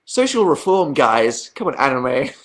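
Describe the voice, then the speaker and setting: A man's voice: medium pitch, very animated, unhurried. A young man, chatting casually on a livestream as he answers viewer questions, hesitant and self-deprecating.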